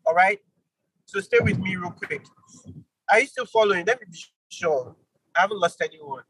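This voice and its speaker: A man teaching an online Bible study, animated, with sudden jumps in pitch for emphasis and quick apologetic asides. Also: husky, low-quality recording.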